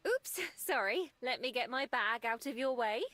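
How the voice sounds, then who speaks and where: An actress voicing a composed, wry adult woman in a story game, dry and measured. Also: on the high side, animated, bright, forceful tone, no room sound. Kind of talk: game voice acting.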